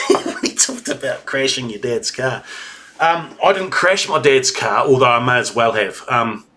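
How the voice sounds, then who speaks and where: A man's voice: medium pitch, a little slow, sharp tone. A man with a New Zealand accent hosting a reaction video, chatting in a rambling, reminiscing way with fillers. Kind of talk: casual reaction commentary.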